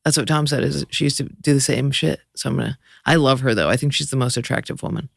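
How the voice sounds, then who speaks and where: A young woman comedian chatting excitedly as a podcast guest, swearing now and then. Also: very deep voice, fast talker, creaky, no room sound, clean studio sound. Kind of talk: casual chat.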